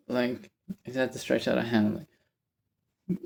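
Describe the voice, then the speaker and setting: A man's voice: mid-range voice, fairly quick, creaky, pauses often. A man telling a rambling story to camera in a casual vlog, often stopping to correct himself. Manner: rambling, animated, self-interrupting. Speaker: vlogger.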